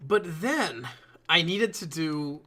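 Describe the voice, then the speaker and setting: A man streaming live, talking to his chat in a loose, rambling way with casual swearing. His voice sits a little high for a man and sounds bright and forceful. He drifts between explaining his build and chatting with viewers. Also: lively intonation, slow. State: yawning a lot.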